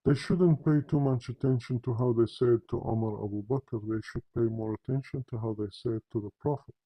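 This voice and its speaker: Brisk and warm, a man's medium-pitched voice carries a confrontational religious monologue aimed at the camera. He speaks directly to listeners with emphatic repetition, repeated words, and constant restarts, and the audio quality is poor.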